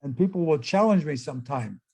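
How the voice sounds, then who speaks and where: Chatty older man with gravelly voice. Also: on the high side, expressive, brisk, dark tone. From United States. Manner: chatty, exclaiming, talks to audience. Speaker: presenter. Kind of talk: casual slideshow talk.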